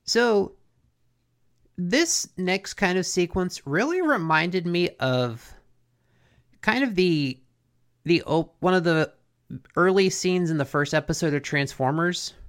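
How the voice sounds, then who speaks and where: Co-host, casual episode recap, gravelly low-end fry, loose and chatty. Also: takes it slowly, long pauses. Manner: relaxed recapping with frequent "like" and "basically". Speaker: podcast co-host.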